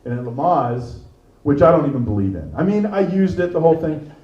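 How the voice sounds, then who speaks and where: A middle-aged man performing a stand-up comedy set, animated and teasing the crowd, on a stage microphone. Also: fairly high pitch, a little fast, muffled recording. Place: comedy venue with live audience. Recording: echoey room, mic far off.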